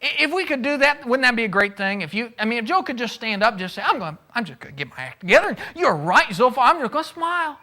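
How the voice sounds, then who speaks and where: Fast and with hardly any pauses, a male pastor preaches in a very high-pitched, sing-song voice with a bright, forceful tone. He talks conversationally, asking his audience questions and acting out quotes.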